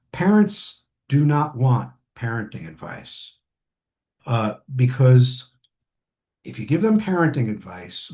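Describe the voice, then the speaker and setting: Male trainer, warm relaxed voice, casual lecturing with fillers and restarts. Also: medium pitch. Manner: conversational, many ums and restarts. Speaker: family therapy trainer.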